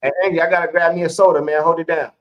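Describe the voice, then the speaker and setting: A man's voice: fairly high pitch, flat delivery, racing, highs cut off. A man co-hosting a live sports stream, chatting casually in slang with his viewers and laughing often.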